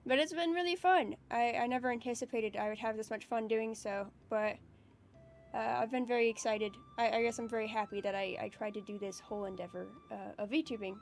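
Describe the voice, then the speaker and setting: High-voiced, excitable woman streamer. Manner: excitable, emotional and swearing freely. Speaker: VTuber streamer. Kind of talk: casual live-stream chat, reading viewer messages.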